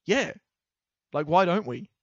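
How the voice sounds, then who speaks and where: A man co-hosting a podcast, telling a story in a casual, animated, jokey way and laughing often. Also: sits high, takes it slowly, no room sound, muffled recording. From half English. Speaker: podcast co-host.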